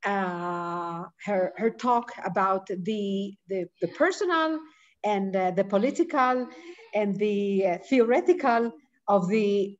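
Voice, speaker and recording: A woman hosts an online session and introduces a speaker, talking slowly with many fillers and pauses. She sounds like she is smiling. Her voice comes through dull, lo-fi video call audio. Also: mid-range voice. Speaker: session host.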